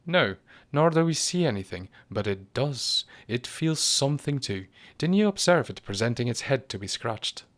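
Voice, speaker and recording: A man voicing an irritable, agitated male professor in a storybook reading, speaking in a high, sharp, insistent voice. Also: sing-song, moderate pace, lightly acted.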